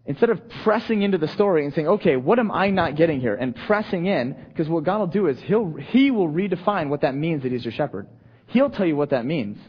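A man preaching a sermon to a congregation in a loose, conversational way, often checking in with the room and swinging between soft asides and emphatic points. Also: fairly high pitch, husky. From United States. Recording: dull, lo-fi sound.

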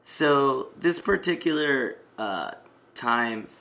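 A man's voice: mid-range voice, expressive, slow, pushed and bright. A man casually telling a personal story, rambling with many fillers and restarts.

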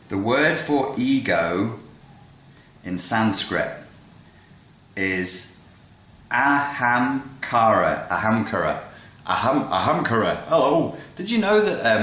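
A man excitedly explaining a philosophy idea in casual video talk, often cutting himself off to reel himself back in. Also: medium pitch. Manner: excitable, self-interrupting, jumps between tangents. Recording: roomy echo.

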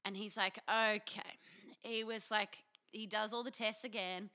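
A woman's voice: mid-range voice, fairly even intonation, unhurried, sharp tone. A young Australian woman telling a frank, self-mocking story as a podcast co-host. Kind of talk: candid storytelling chat.

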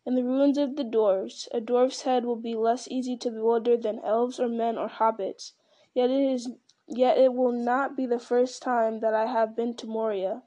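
A woman reading the part of a grave, commanding old male wizard in a firm, measured way. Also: on the high side, fairly even intonation, dark tone, lightly acted.

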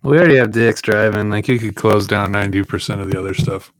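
A man's voice: fairly low pitch, quick pace, low-quality recording. A man in casual chat as a podcast co-host, joking around and laughing easily.

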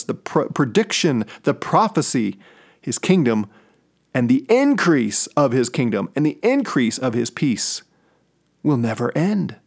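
A middle-aged man from St. Louis giving a Bible teaching on his podcast, stressing key words by slowing down or whispering them. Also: mid-range voice, expressive. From St. Louis, USA. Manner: emphatic, slows down and drops to a whisper on key words. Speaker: podcast host.

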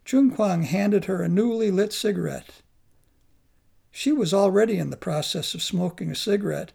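Gravelly, husky male memoir narrator. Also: sits high, a little mellow.

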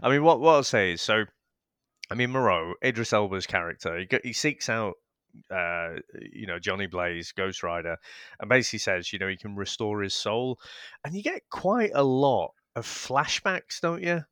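A laid-back man with a fairly low voice, chatting about a film in an easygoing way. He chuckles often and hedges with "you know", and the recording is dry and close. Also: expressive, moderate pace, fairly bright tone, no room sound. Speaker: film review podcast co-host. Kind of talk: casual chat.

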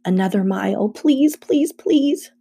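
Woman voicing a tense mom, pleading, mellow low-bright voice. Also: normal speed, vocal fry, slightly rough. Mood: urgent. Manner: urgent, pleading. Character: tense, protective mother driving in a storm.

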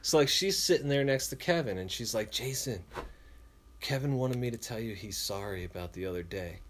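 A man tells a story in a casual, animated way. He acts out what people said and swears freely. His voice sits at an average pitch. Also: a little fast, slight background noise.

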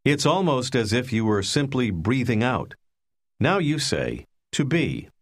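A man narrating a language lesson in scripted instructional style, calmly prompting the listener to repeat. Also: medium pitch, a little slow. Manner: calm, patient, prompting the listener.

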